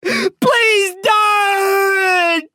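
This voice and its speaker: A woman's voice: very high-pitched, steady tone, drawn-out words, sharp tone, no room sound, raised voice, clean studio sound, pitched above the performer's own voice, heavily acted. A woman voicing a terrified teenage boy who shrieks and pleads in pain while being hurt. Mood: sobbing.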